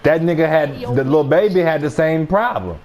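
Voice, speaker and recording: A man's voice: a little high, lively intonation, moderate pace, a little mellow. A young man telling a story in casual chat, slangy and often laughing.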